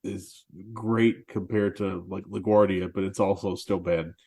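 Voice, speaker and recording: A man's voice: low-pitched, fairly even intonation, measured pace, creaky, a little mellow, husky. A man co-hosting a film podcast, telling long rambling anecdotes in casual chat and laughing at himself. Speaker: podcast co-host.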